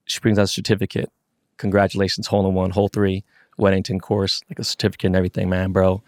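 Low-voiced man, swearing storyteller. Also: fast talker, no echo, studio quality. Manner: excited, profane storytelling. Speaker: podcast co-host. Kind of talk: casual chat.

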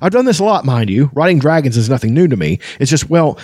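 A proud old dwarf, gruff and easily flustered, stammering through a boast to save face, with a man putting on the voice. The tone is a little raised and pushed, recorded dry and close. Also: fairly high pitch, very animated, fast talker, darkish tone, dry recording, pitched above the performer's own voice. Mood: blustering. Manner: stammering bluster, trying to sound dignified.

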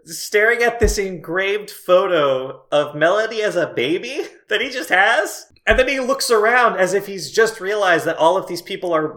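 A man co-hosting a podcast in casual chat, animated, swearing casually and laughing often. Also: high voice, normal speed, hardly any pauses. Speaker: podcast co-host.

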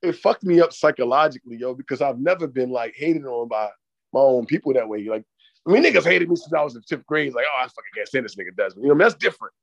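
A man co-hosting a podcast in casual chat, telling stories in a profane, animated way. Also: medium pitch, fast talker, gravelly, lo-fi sound. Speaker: podcast co-host.

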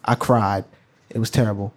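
A man's voice: lowish voice, flat delivery, normal speed. A teenage boy, telling a personal story live in a casual, slangy, laughing way. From New York. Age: teens. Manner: casual, chatty, slangy, laughs along with his own story. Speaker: student storyteller.

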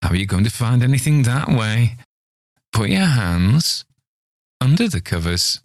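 A man's voice: lowish voice, lively intonation, measured pace, creaky, breathy edge, no echo, studio quality, exaggerated voice. A man voicing a wizened, mean old man who plays cruel pranks, gurgling and wheezy in a sly, needling way. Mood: taunting.

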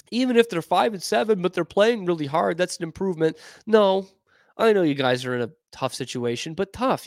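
A man with a fairly high voice hosts a sports talk segment, emphatic and frank, leaning on wordplay to make his points. The sound is dry and close, with no room around it. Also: no room sound. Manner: emphatic, frank, animated delivery with playful wordplay. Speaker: sports show host. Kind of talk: opinionated sports commentary.

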